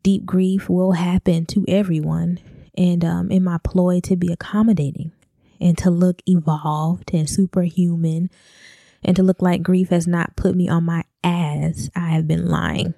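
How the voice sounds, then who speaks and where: A young adult woman, a podcast co-host, giving a raw, halting confessional monologue and swearing freely. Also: on the low side, flat delivery, gravelly, mellow, no echo, studio quality.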